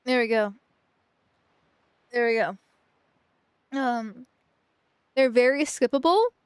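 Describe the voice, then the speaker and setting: High-voiced woman rambling casually. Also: slow, smooth. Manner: rambling, with frequent restarts and fillers. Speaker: streamer. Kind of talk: casual game-stream chat.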